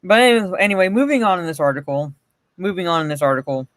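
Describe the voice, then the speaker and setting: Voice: medium pitch, lively intonation, fast talker, no room sound. This is a livestream host riffing to chat from a home setup, swearing freely and laughing between remarks. The voice sits in a middle register and the sound is dry and close. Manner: blunt, profane, often laughing, greets chatters by name. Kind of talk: casual livestream commentary.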